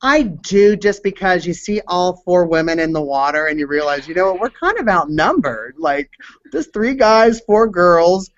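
A man's voice: high-pitched, animated, moderate pace, fairly bright tone, no echo. A man co-hosting a casual recap chat, chatty and agreeable. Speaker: co-host. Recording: slightly muffled dry audio.

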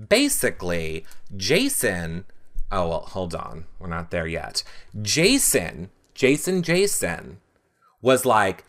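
A man hosting a casual recap show. He is tired and animated, and he mimics people in high voices. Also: takes it slowly. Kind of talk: casual commentary with impressions.

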